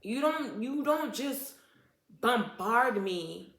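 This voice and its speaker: A woman retelling a bad salon visit in a storytime vlog, animated and indignant, tripping over her words. Her voice is bright and forward, and the room gives it a noticeable echo. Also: on the high side, very slow. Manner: animated and indignant, full of "like" and restarts. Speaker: vlogger telling a story. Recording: echoey room.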